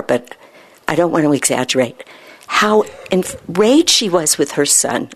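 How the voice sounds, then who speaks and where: A woman internist telling a story from her practice, acting out the dialogue with lively quoting. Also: on the low side. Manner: animated, acts out quoted dialogue. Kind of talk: storytelling talk.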